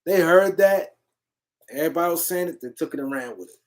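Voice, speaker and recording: A man hosting a casual sports livestream, answering comments and shouting out viewers in the chat. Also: fairly high pitch, brisk. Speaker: livestream host.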